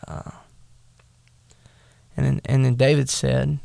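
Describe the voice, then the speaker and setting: A man leads a casual bible lesson in unhurried, halting speech. He fills his pauses with ums and uhs. His voice is deeply gravelly and sounds dry, right up on the mic. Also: flat delivery, a little mellow, no room sound. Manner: casual, halting, with many fillers. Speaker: bible study teacher. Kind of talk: bible lesson, retelling scripture.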